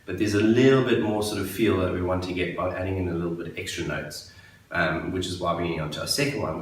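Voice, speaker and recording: A man giving a relaxed guitar lesson for beginners, patiently explaining and counting beats aloud. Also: deep voice, fast, a little hiss or hum. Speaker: guitar teacher. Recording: very echoey room, mic at a distance, guitar playing. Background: guitar playing.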